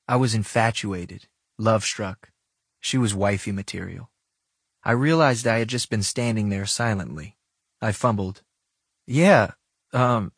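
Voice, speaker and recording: A man's voice: fairly low pitch, husky, dry recording, studio quality. A man narrating a first-person story with wry, casual asides.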